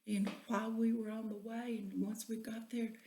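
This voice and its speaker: A woman telling a folksy spoken story, often dropping into a breathy whisper. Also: a little high, level tone, normal speed, mellow, a little hiss or hum. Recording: echoey room.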